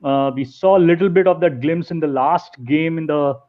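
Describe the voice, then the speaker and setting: Guy fan on a muffled call, kinda high voice, earnest, lots of uhs. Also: moderate pace. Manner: earnest, hesitant with fillers. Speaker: fan guest. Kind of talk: casual chat.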